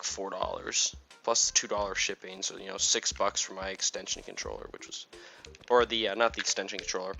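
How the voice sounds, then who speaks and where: A man's voice: lowish voice, bright, forceful tone. A young man giving casual, rambling commentary while playing a video game, with lots of fillers. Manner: chatty, rambling, with many fillers. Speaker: gaming YouTuber.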